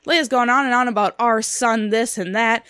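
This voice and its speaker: A woman's voice: on the high side, fairly even intonation, moderate pace, bright, forceful tone, clean tone, dry recording, studio quality. A woman co-hosting a casual film review podcast, sarcastic and incredulous as she picks things apart. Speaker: podcast co-host.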